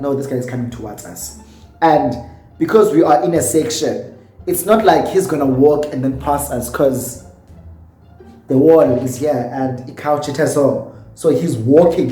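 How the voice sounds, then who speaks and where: A slightly high-voiced man with a South African accent, a bit tipsy as he tells a storytime in a vlog. He acts out each quote with animated energy. The room sounds roomy and echoey, with faint music playing underneath. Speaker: YouTuber.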